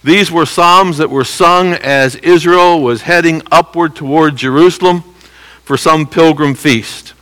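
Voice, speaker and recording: A man teaching a Bible passage verse by verse in a conversational way, checking in with listeners and slowly repeating key phrases for emphasis. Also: fairly high pitch, a bit bright, poor audio. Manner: conversational teaching with frequent "okay?" check-ins.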